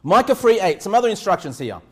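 A man preaching a sermon as pastor, moving from calm teaching to loud shouted emphasis and often checking in with "all right?". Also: high-pitched, fast, breathy edge. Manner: repeats "all right?" and "okay?" to the congregation.

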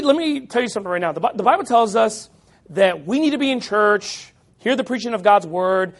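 A pastor with a very high speaking voice preaches a sermon forcefully, raising his voice and mocking his critics by imitating them.

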